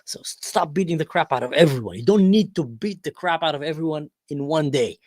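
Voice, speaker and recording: A man's voice: on the high side, lively intonation, fairly quick, darkish tone, dry recording, studio quality. A man voicing a wheedling male superpower coaxing an ally to stop, bargaining and repeating himself.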